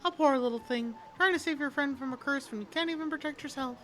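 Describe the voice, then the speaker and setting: A woman's voice: sits high, quick pace, fairly bright tone, slight background noise. A woman voicing a smug, theatrical male villain who mocks his opponent. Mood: gloating. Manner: mocking, theatrical.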